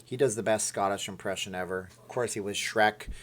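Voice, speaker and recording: A man's voice: fairly low pitch, steady tone, fairly quick, fairly bright tone. A man hosting a casual live stream, rambling as he reads viewer comments aloud and answers them.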